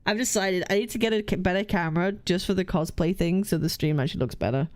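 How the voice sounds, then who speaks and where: A woman's voice: on the low side, fast talker. A woman streamer chatting casually close to the mic, with a blocked-nose sound, rambling, swearing and laughing as she reads chat aloud. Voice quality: blocked-nose sound with little nasal resonance. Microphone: very close to the microphone.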